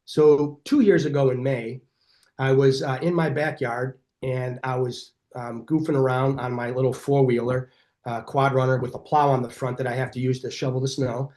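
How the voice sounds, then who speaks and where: A middle-aged man, a chiropractor being interviewed on a podcast, telling stories in an energetic, animated way and acting out what people said. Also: mid-range voice, moderate pace. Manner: energetic, animated storyteller who acts out quoted dialogue. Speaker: chiropractor guest.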